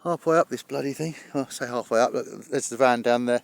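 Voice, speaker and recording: A man's voice: medium pitch, fast talker, vocal fry, no room sound. A middle-aged man vlogging casually outdoors as he walks up a hill, rambling with dry humour and somewhat out of breath. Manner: rambling, chatty, dry humour, swears mildly. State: out of breath from climbing. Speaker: travel vlogger. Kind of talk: casual walking vlog. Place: outdoors on a hillside near water.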